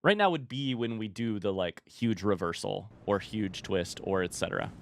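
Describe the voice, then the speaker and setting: A man with a lowish voice, lively intonation and a normal pace plays a horror video game for the first time as a let's-play gamer. His commentary is casual and unscripted, rambling, jokey and full of swearing.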